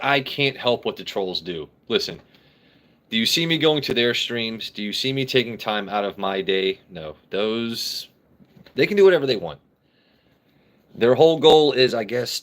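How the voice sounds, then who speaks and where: A man's voice: on the low side, fairly bright tone. A man hosting a casual live stream, reading comments aloud, joking brashly and swearing freely. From United States. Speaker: livestream host.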